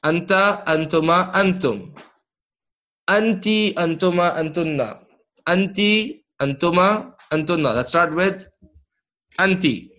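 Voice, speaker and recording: A man's voice: high-pitched, fairly bright tone. A man teaching an interactive grammar lesson, quizzing his class and praising answers as he goes. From Canada. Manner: slow, encouraging, quizzes the class with quick praise. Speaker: Arabic teacher.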